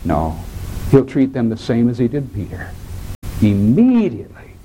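A man preaching a sermon, addressing listeners as beloved and swinging from low hushed tones to high cries when he quotes. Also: lively intonation, normal speed, slight background noise, rough recording. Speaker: pastor.

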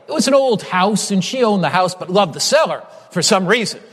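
Brief: male preacher with a high voice, emphatic sermon delivery full of repetition and stories, long reverb of a large hall. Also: animated, brisk, a bit bright. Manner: emphatic, builds through repeated phrases and storytelling.

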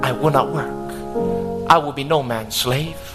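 A preacher voicing a defiant young slave. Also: male voice, high voice, very animated, unhurried, over loud music. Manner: defiant, declaiming. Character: big strong young male slave, stubborn then devoted.

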